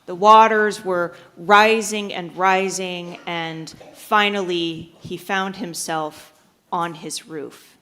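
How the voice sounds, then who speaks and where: Slow-speaking woman pastor preaching. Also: on the low side, a bit bright. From United States. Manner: storytelling, acts out voices in a joke. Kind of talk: sermon.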